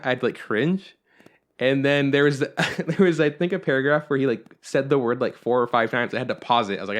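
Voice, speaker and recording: A man's voice: medium pitch, a little fast. A young adult man hosting a podcast, chatting casually in a rambling way, with lots of swearing and filler words. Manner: rambling and profane, with frequent fillers. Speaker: podcast host. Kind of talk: casual chat.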